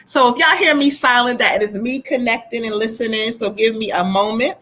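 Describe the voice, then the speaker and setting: Woman, psychic reader, bright and forceful voice, somewhat high pitch, chatty, laughs a lot. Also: fairly quick, slight background noise, low-quality recording. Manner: chatty, laughs often, relays spirit messages. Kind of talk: live-stream tarot reading.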